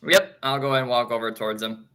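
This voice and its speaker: A man's voice: mid-range voice, brisk, bright, forceful tone, clear, resonant tone. A man playing in an online tabletop game, chatting in a joking, playful way. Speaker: player. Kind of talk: casual chat in a tabletop game. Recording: music behind.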